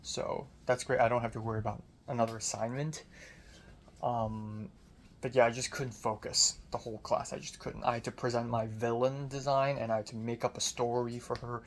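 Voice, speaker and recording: A young man, a college student, in a casual video diary, his voice deep and strained after screaming, frustrated and self-critical, swearing often. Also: level tone, normal speed, slight background noise. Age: young adult.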